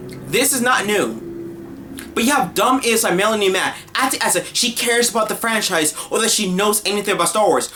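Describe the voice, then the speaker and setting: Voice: mid-range voice, pushed and bright. An online commentator delivering a heated opinion rant, blunt and scolding, full of casual slang and exasperation.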